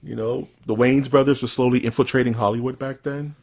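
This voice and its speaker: A man co-hosting a casual podcast, talking in an animated, joking way and often breaking into laughter. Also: mid-range voice, fairly quick. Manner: animated, laughing, says dude and dog a lot. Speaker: podcast co-host.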